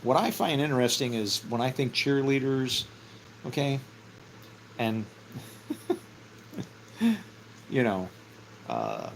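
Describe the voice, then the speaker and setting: A middle-aged man with a gravelly, creaky voice talks slowly and loosely about faith, drifting between thoughts. He chuckles often and drops casual curses. A faint hum of ambience sits behind him. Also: mid-range voice, big pitch swings, poor audio. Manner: rambling, laughs often, casual swearing. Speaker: vlogger. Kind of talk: casual spiritual musing.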